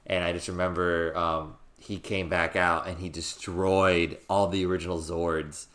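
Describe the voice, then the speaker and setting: A man in his thirties co-hosts a casual podcast, rambling and restarting as he tells stories. His voice sits low yet sounds bright and forceful, and he breaks into loud, excited quoted lines. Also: a little slow. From Southern California. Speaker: podcast co-host.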